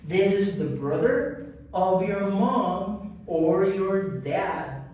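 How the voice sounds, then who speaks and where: A male English teacher with a fairly high voice, talking very slowly as he drills pronunciation and says each word three times. He is recorded from some distance, so the voice rings out in a strongly echoing room. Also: expressive, darkish tone. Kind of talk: slow pronunciation drill lesson.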